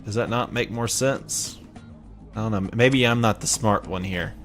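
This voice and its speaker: A man with a Southern US drawl chats his way through a strategy game in a lowish voice. He rambles, second-guesses himself and pokes fun at his own choices. Soft music plays faintly behind him. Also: moderate pace. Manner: rambling, chatty, self-mocking. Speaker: let's play gamer. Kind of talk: casual gameplay commentary.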